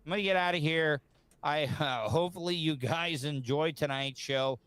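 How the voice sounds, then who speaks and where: A man hosting a live podcast, signing off in an apologetic, halting way. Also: a little high, fairly bright tone, smooth, no room sound. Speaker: podcast host in a played clip.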